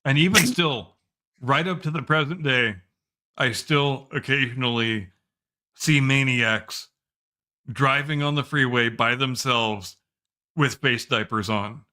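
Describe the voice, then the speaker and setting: A middle-aged man with a bright, sharp voice at an ordinary pitch. He co-hosts a casual podcast, ranting emphatically and swearing freely. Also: takes it slowly. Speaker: podcast co-host. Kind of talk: casual chat.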